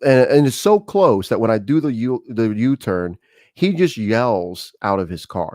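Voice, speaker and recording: A man's voice: medium pitch, a little fast, no echo, clean studio sound. A middle-aged man hosting a talk show, talking casually and telling stories with acted-out dialogue. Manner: conversational, animated storytelling with acted-out dialogue. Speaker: show host.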